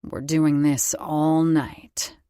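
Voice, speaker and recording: A man's voice: a little high, very slow, clear, resonant tone, no room sound. A woman voicing a commanding, protective middle-aged husband who speaks firmly with dry humor. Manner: firm, steady, dry humor.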